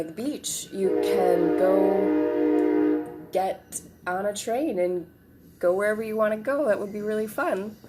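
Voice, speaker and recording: A woman talks through a self-help lesson in a relaxed, encouraging way. She keeps checking in with her listener and fills pauses with soft fillers, in a mid-range voice. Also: medium pitch. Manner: relaxed, encouraging, with frequent "right?" and "um". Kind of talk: casual instructional talk.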